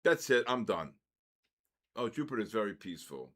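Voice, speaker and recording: Older New trader hosting a live session, rambles and rants between market calls. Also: male voice, fairly low pitch, sing-song, normal speed, fairly bright tone. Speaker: trading session host. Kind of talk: casual live trading commentary.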